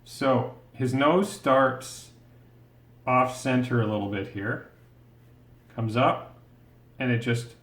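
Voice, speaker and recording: A man's voice: mid-range voice, takes it slowly, pauses often, a bit bright. Patient man teaching drawing, roomy sound. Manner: patient, encouraging, thinks aloud while drawing. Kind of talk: step-by-step drawing tutorial. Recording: roomy echo.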